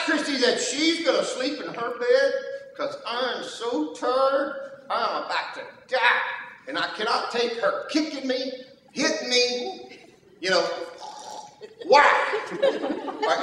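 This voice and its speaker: Slow folksy preacher man, far from the mic, faint room noise. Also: very high-pitched, bright, forceful tone. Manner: folksy, storytelling, humorous. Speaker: pastor. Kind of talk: sermon. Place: church sanctuary. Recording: echoey church hall from far off.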